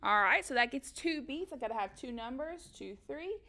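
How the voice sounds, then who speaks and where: A woman's voice: high voice, animated, normal speed, pushed and bright. A woman music teacher giving a recorded lesson for children, upbeat and encouraging, counting beats and chanting rhythms aloud.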